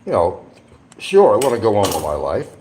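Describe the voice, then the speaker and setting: A man's voice: fairly low pitch, huge pitch swings, quick pace, a little mellow, slight background noise, rough recording. A man talking casually on a livestream, blunt and combative, with rambling asides. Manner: eating while talking at times.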